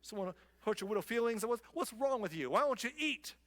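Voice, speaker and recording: A man's voice: high-pitched, lively intonation, a little fast, fairly bright tone, pitched above the performer's own voice. A man voicing a queen who coddles her sulking husband in mocking baby talk. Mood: mocking, coddling.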